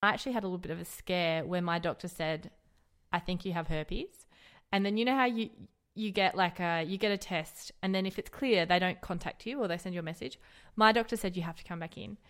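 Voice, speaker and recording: A woman, co-hosting a casual, frank chat, blunt and quick to swear and laugh. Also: lowish voice, clear, resonant tone. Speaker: podcast co-host.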